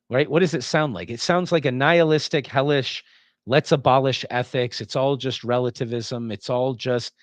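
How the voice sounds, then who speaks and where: Animated man lecturing on ethics. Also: mid-range voice, dry recording. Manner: animated, acts out example tones of voice. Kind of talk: classroom philosophy lecture.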